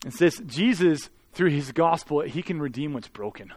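A man, a pastor, preaching a sermon with earnest intensity, swelling loud and then dropping to soft, intimate tones. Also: a little high, expressive, normal speed, breathy edge, no room sound.

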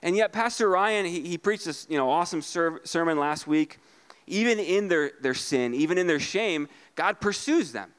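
Halting, high-voiced man preaching a sermon. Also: animated, fairly bright tone, clean tone. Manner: halting, repeats words, acts out voices with big pitch jumps. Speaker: pastor. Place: church.

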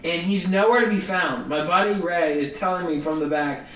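High-voiced man telling a comic story. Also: moderate pace, echoey room, distant mic. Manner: animated, self-mocking storytelling. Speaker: comedian guest. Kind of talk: storytelling conversation.

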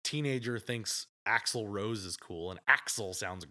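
A man's voice: lowish voice, a little slow, pushed and bright. Chatty man retelling movie scenes. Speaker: podcast co-host. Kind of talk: casual movie review chat.

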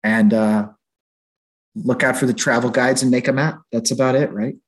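A man hosts a casual podcast chat with a mid-range voice. He sums up advice in brisk, list-like runs. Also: medium pitch, fairly even intonation. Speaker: podcast host.

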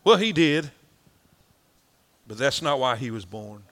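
A man's voice: mid-range voice, very animated, measured pace, fairly bright tone. A male preacher delivering a sermon in a folksy, rhythmic style, repeating lines for emphasis. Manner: folksy, rhythmic repetition, rising and falling emphasis.

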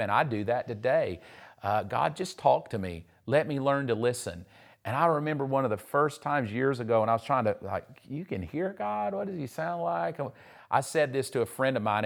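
Pastor man preaching conversationally. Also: mid-range voice. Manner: conversational, acts out quoted voices. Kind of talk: sermon.

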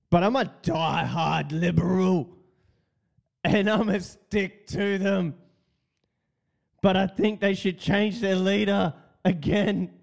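A man's voice: high-pitched, creaky, darkish tone, pitched above the performer's own voice, heavily acted. A man doing a stubborn rural diehard voter. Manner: blunt, proudly stubborn.

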